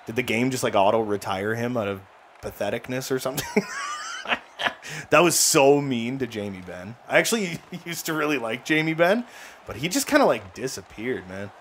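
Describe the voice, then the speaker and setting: Excitable man doing gameplay commentary. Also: medium pitch, moderate pace, slight background noise. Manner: excitable play-by-play, ranting and joking. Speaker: gaming channel host.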